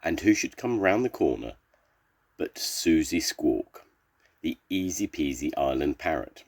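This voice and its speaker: An older man, a grandfather, reading a children's story aloud in a slow, expressive storybook way. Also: rumbling low.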